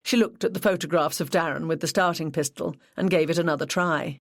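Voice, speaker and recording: An audiobook narrator reading a cozy mystery in an even, measured storytelling manner. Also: medium pitch, dry recording, studio quality. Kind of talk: scripted narration.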